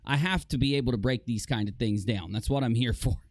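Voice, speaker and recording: A man live streaming, talking casually to his chat with a sarcastic, animated manner and frequent self-mocking laughs. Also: medium pitch, brisk, no echo.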